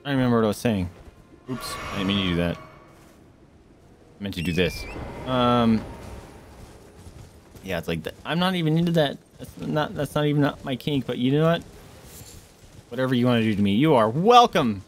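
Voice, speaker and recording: A man streaming a video game, reacting loudly and excitably: he yelps and squeals at enemies, coos at animals in baby-talk, and drops to a hush when sneaking. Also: mid-range voice, brisk, long pauses, soft background music. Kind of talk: live gameplay commentary.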